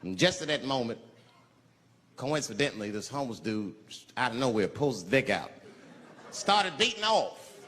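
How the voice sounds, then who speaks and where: A man performing a profane stand-up set, telling a story with animated delivery and shouted character voices. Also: mid-range voice, normal speed, pauses often, slight background noise. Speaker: stand-up comedian. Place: large live comedy venue. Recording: live venue reverb, loud crowd laughter.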